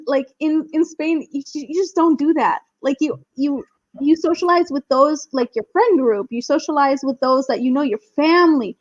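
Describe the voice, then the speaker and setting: A young woman from Wisconsin, a podcast guest, talking animatedly with frequent laughs and restarts. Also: sits high. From Wisconsin, United States. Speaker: podcast guest, Spanish teacher. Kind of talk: casual interview chat. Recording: dull lo-fi sound.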